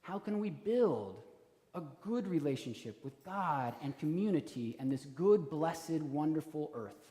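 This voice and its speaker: A man delivers a sermon with an animated, chatty style, slipping into playful acted-out voices. His voice sits high and swings widely in pitch. The church around him adds a roomy, lingering echo. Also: unhurried. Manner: animated, conversational preaching with acted-out quotes. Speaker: pastor. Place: church sanctuary.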